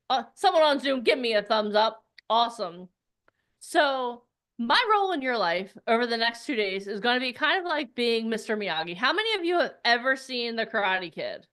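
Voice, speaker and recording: A woman hosting a live virtual event as its publicist, energetic and talking straight to viewers with repeated calls to comment and join. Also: a little high. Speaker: host and publicist.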